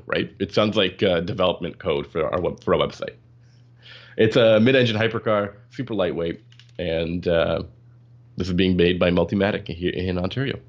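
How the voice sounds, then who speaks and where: A man co-hosting a casual podcast chat, halting with fillers and restarts and laughing often. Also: sits low, lo-fi sound. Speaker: podcast co-host.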